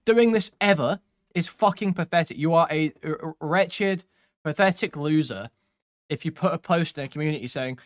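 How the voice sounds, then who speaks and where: A man's voice: high voice, animated, moderate pace. A man commenting on clips during a stream, sarcastic and mocking, swearing often.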